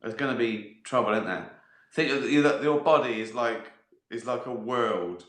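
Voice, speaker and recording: A man's voice: mid-range voice, lively intonation, unhurried, long pauses, a bit bright. A middle-aged man hosting a casual live stream, reading viewer questions and swearing often, breaking into laughter and acting out little voices. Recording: echoey room.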